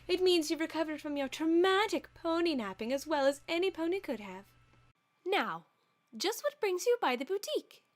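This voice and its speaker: A woman's voice: extremely high pitch, sing-song, normal speed. A woman playing a posh unicorn dressmaker. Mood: gracious. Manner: posh, theatrical and elegant. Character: refined fashionable unicorn mare, dressmaker. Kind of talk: fan audio drama reading.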